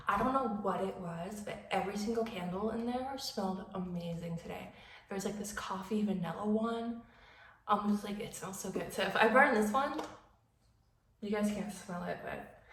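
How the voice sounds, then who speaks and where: A young woman in her twenties chats to her camera in a relaxed vlog. She rambles from one thing to the next. She fills her sentences with "like" as she goes. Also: mid-range voice, a little hiss or hum. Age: 20s. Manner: chatty, rambling, lots of "like". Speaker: vlogger. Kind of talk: casual vlog chat.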